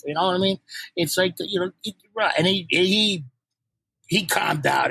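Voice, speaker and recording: Husky high-voiced man busting balls. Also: a little fast, no room sound, poor audio. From New York. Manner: animated, ball-busting, swears freely. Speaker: guest, punk band frontman. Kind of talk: casual podcast chat.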